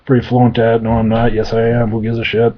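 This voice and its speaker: A man's voice: mid-range voice, monotone, fairly quick, close to an everyday voice. A man voicing a crude, manic male demon merchant who babbles in endless rhymes and wordplay, in a dull lo-fi recording. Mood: rambling. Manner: nonstop rhyming babble. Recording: dull lo-fi sound.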